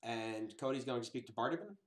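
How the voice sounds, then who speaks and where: A man's voice: mid-range voice, fast talker. A man running a tabletop game as game master, joking and laughing as he narrates. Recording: echoey room, faint hiss.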